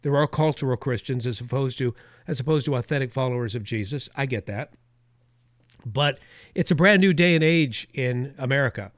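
A man's voice: mid-range voice, fairly quick, no echo, clean studio sound. Emphatic talk radio host, man. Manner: emphatic, repetitive, sarcastic asides. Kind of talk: opinionated talk radio monologue. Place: radio studio.

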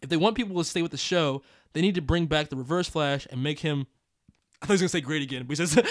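A man's voice: on the high side, quick pace, no echo. Man host reading emails, dry sound. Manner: reads aloud with joking asides, laughs often. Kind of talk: casual podcast chat.

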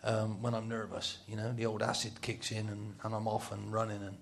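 A man's voice: lowish voice, completely flat delivery, brisk, gravelly, a little hiss or hum. A middle-aged man telling football stories in a casual talk, laughing often and dropping to a whisper for his inner thoughts. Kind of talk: casual storytelling on a talk show.

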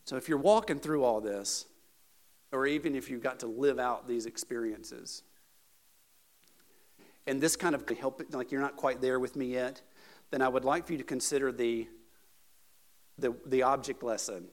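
A male pastor preaching a sermon, moving between casual asides and loud, emphatic peaks. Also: medium pitch, normal speed, long pauses.

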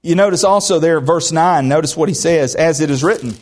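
A man preaches in a church. His voice sits high for a man, and his delivery is folksy, with joking asides and frequent restarts. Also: a little fast, darkish tone. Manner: folksy, joking asides, repeats words when starting. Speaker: pastor. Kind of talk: sermon.

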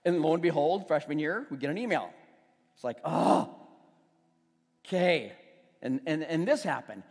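A man's voice: a little high, lively intonation, normal speed, gravelly, breathy edge. Man preaching in a reverberant hall. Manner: conversational storytelling, restarts, swells to loud emphasis. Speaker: pastor. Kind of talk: sermon. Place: church hall. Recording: long reverb of a church hall, faint music.

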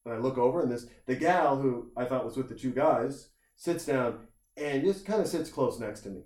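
A man telling a long, animated anecdote in casual chat, acting out the people in it and swearing freely. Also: medium pitch, normal speed. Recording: roomy echo.

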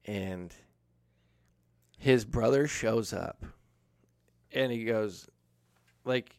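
A man's voice: lowish voice, very slow, dry recording, studio quality. A young man telling a casual, profane story on a podcast, acting out quoted lines as he goes. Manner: swears a lot, acts out quotes.

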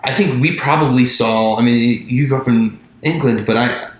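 A man's voice: mid-range voice, moderate pace. A man from the Mid-Atlantic United States, co-hosting a casual podcast chat, rambling and breaking off his own sentences with the odd laugh. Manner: rambling, self-interrupting, laughs often. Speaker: podcast co-host. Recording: very echoey room.

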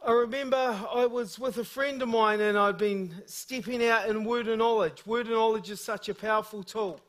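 A man preaching a sermon as a guest speaker, telling funny stories with lively energy. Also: sits high, moderate pace. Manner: storytelling, humorous and energetic.

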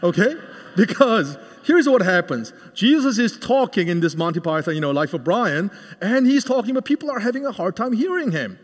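A man preaching a sermon with a cordless microphone, animated and quizzing the congregation with questions. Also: high voice, normal speed. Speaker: guest preacher. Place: church hall. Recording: reverberant hall.

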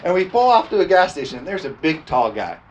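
A man's voice: fairly high pitch, big pitch swings, a little fast, lo-fi sound. A man preaching a storytelling sermon in a folksy, laughing way, often tossing "amen?" to the congregation.

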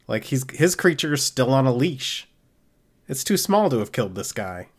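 A man's voice: medium pitch, very animated, moderate pace, slightly rough. A man playing a tabletop game, casual and skeptical as he questions the other figures. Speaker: player.

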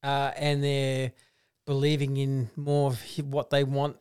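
Australian man, casual sports chat, smooth clear voice, animated delivery. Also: medium pitch, a little slow. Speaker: football podcast co-host.

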